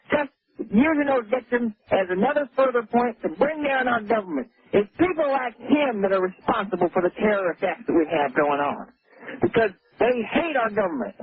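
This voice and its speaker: A man's voice: sits high, breathy edge, no room sound. A male radio caller ranting indignantly, accusing and stumbling over his words, heard over a telephone line. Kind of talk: call-in radio rant. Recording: tinny phone line on radio.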